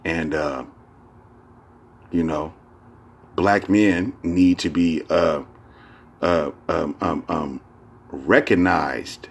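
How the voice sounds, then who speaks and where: A man's voice: low voice, extremely slow, gravelly, long pauses, husky. A man hosting a casual solo podcast, talking in a rambling, profane way full of fillers and restarts. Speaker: podcast host.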